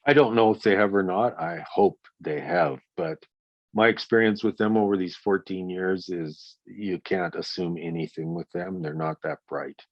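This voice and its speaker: A man in his sixties speaks bluntly and forcefully in an interview and curses freely. His voice sits a little low. The recording is dry and slightly dull. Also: moderate pace, dry recording. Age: 60s. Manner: blunt, profane, emphatic storytelling. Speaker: guest, victim's father. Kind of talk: interview conversation.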